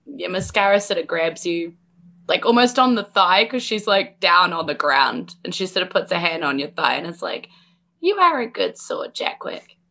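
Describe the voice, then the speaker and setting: A woman's voice: fairly low pitch, moderate pace, creaky, pushed and bright. A woman player describing her character's actions in a chatty, laughing style with many fillers. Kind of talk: tabletop game play.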